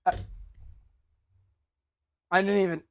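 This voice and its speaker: A man's voice: sits high, little pitch movement, takes it slowly, a bit bright. A man streaming a game live, chatting with his viewers with melodramatic, mock-whining outbursts on a desk microphone. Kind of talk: live gameplay stream chat.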